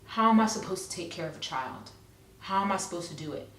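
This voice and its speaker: A woman in her thirties recounts a personal memory in a loose, conversational vlog style, her voice sitting on the low side. She leans on fillers and circles back to repeat herself. The recording sounds roomy and echoey, with her a bit off from the mic. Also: lively intonation, fast talker, fairly bright tone, recorded from a distance. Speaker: vlogger. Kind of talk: personal story, casual.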